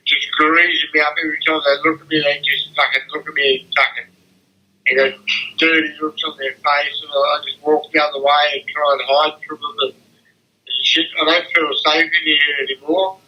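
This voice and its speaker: An older man speaks in a shaken, tearful way, swearing and repeating himself. His voice is piercingly bright and set a little high for a man. It comes through a dull, muffled phone line. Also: level tone, moderate pace. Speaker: interviewee. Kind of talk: emotional phone interview.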